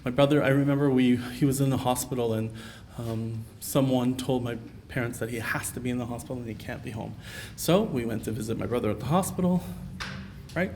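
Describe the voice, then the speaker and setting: Male keynote speaker, mid-pitched, earnest storyteller, light room noise under the mic. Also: a little fast, darkish tone. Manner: earnest, personal storytelling with frequent fillers. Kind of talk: conference keynote talk. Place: conference hall.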